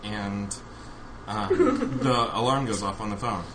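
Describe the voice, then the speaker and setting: Man telling a story, lively pitch. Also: slow. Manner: animated, laughs often while telling. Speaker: podcast regular telling a story. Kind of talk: casual storytelling. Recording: noisy recording.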